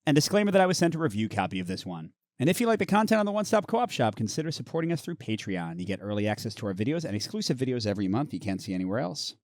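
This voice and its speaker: Male host for a card game playthrough: casual, explanatory, reads flavor text aloud, animated delivery, dry sound. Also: medium pitch, very fast, few pauses, no room sound. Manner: chatty, explains rules while reading story text. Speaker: host of a board game channel.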